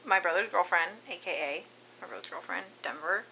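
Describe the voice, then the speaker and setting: A woman's voice: on the low side, big pitch swings, fairly quick, bright, forceful tone, slight background noise, poor audio. A woman hosting a casual chat, telling a spooky story and laughing often. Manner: giggly, breaks into laughs while telling.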